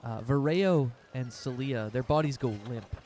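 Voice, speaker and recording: A man's voice: mid-range voice, a little slow, a little mellow, a little hiss or hum. Rambling man running a tabletop game. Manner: rambling, with many fillers like "um" and "like". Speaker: game master.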